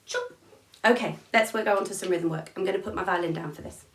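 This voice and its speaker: A woman's voice: fairly low pitch, fast. Woman teaching music in an echoey room. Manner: encouraging, counts beats aloud. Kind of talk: online music lesson for young children. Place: at home, room with instrument. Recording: echoey room, mic at a distance, noisy.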